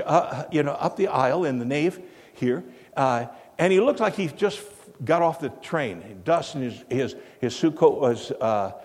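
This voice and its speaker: Older man, storytelling sermon, lively up-and-down voice, rambling with fillers, long hall reverb. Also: a little high. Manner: rambling, many fillers and restarts. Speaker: preacher telling a story.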